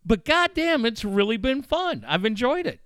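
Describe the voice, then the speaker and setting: A middle-aged man hosting a casual radio chat. He gets excited, swears freely and acts out quotes with big jumps in pitch. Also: normal speed, clear, resonant tone, no echo, clean studio sound. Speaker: radio show host.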